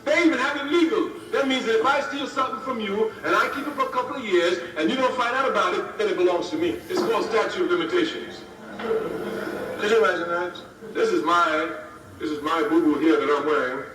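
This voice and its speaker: A man in his fifties speaks to students in an emphatic political speech, repeating key phrases for effect. His voice is high-pitched, fairly quick, and a bit bright. The archive recording is roomy and distant, with faint hiss.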